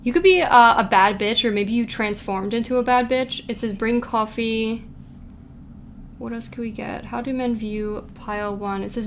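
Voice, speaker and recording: A woman's voice: fairly high pitch, fairly even intonation, moderate pace, a little hiss or hum. A young woman giving a casual pick-a-card tarot reading, chatty and giggly, reading quotes aloud with playful asides. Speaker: tarot reader.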